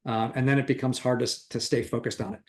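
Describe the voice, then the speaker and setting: A man's voice: mid-range voice, flat delivery, fast talker. A middle-aged man giving a motivational real estate training talk, enthusiastic and acting out quoted chatter.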